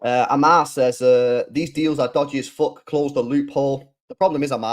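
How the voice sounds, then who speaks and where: A man's voice: medium pitch, steady tone, moderate pace. A man hosting a football channel, delivering a heated, sweary solo rant full of rhetorical questions.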